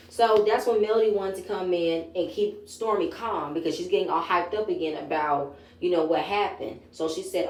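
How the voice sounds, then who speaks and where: A woman's voice: fairly low pitch, normal speed, a little mellow. A woman giving a chatty, opinionated recap of a reality show, retelling scenes in her own words. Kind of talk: casual episode review. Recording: echoey room.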